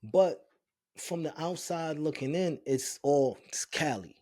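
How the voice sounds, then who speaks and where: A man's voice: fairly high pitch, slow pace. A man from Brooklyn with a New York accent, co-hosting a podcast in loose banter, acting out voices as he tells stories. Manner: animated storytelling, acts out voices; swears freely. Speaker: podcast co-host. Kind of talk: casual banter.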